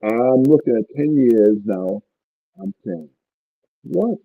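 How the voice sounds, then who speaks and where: A man's voice: lowish voice, slow pace. A man in his sixties, an interview guest, earnestly telling his life story with emotion and repeating words for emphasis. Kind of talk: personal life story told to a host. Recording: tinny phone-like line, dry.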